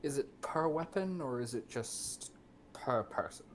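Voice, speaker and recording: A player at a tabletop game asks pointed follow-up questions in a casual, literal-minded way. The voice sits in a middle pitch. A faint hiss of noise sits behind it. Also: lively intonation, a little slow.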